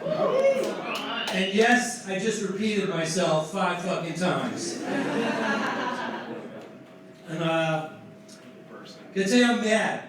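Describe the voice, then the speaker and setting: Profane stand-up comic in echoey club. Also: male voice, sits high, very animated, extremely slow, pauses often, far from the mic. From New Jersey. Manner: profane, self-mocking, punchy delivery. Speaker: stand-up comedian. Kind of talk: stand-up comedy set. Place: comedy club stage. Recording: echoey club room, mic heard from afar with crowd noise.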